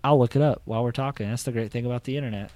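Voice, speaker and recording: A man's voice: medium pitch, racing, dark tone, no echo. A man co-hosting a podcast in casual chat, joking and rambling, laughing often. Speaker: podcast co-host.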